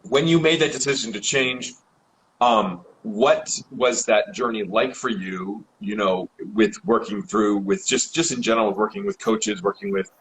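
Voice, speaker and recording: A man hosting as a health coach, speaking calmly and reflectively with many "uh"s and restarts. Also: lowish voice, measured pace, slight background noise, rough recording. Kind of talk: casual interview chat.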